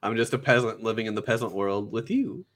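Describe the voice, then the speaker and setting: A man's voice: on the low side, lively intonation, fast talker. A man hosting a casual podcast, trading dry, teasing banter with his co-host.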